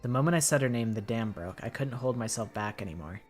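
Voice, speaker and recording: A woman's voice: extremely low pitch, expressive, fast. A woman game streamer reading all the dialogue aloud, with wry joking asides. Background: game music.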